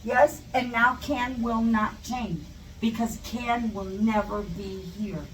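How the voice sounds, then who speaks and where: High-voiced teacher woman, echoey and distant. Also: steady tone, slow pace. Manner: chatty, goes off on tangents, repeats example questions. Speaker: English teacher. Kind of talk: live English lesson for Spanish speakers. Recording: static, echoey, mic far off.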